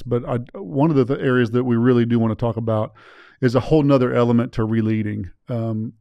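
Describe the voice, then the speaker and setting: A man's voice: mid-range voice, dark tone, clean tone, dry recording, dull audio. A man hosting a podcast in a studio, chatting casually and correcting himself as he goes. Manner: upbeat, rambling, self-correcting. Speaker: podcast host.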